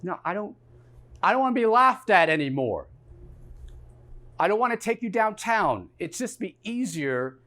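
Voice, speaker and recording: A man performing a threatening male street cop in a one-man comedy show, with loud, sneering questions. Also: high-pitched, very animated, measured pace, pauses often.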